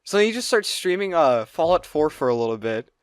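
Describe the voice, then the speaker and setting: Male podcast co-host, slightly raised pitch, dry close sound, excitable rambling storyteller who swears. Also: a little fast, clear, resonant tone, dry recording. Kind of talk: casual chat, storytelling.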